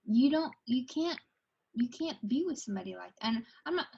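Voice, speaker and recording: A woman with a husky, fairly high voice speaks firmly and reassuringly, pressing her point again and again. The recording sounds dull and lo-fi. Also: lively intonation, brisk, a little mellow. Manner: firm, reassuring. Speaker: friend. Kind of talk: supportive casual chat.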